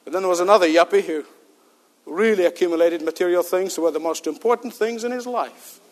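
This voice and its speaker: High-voiced man preaching in a hall. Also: a little fast. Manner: emphatic, asks rhetorical questions, joking asides. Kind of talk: sermon. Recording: long hall reverb.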